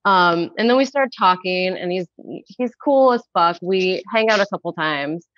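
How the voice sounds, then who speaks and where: A woman's voice: fairly low pitch, expressive, normal speed, a bit bright, no room sound, lo-fi sound. A woman calling in for dating advice, telling her story casually and acting out her own past remarks. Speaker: caller seeking dating advice. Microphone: phone call.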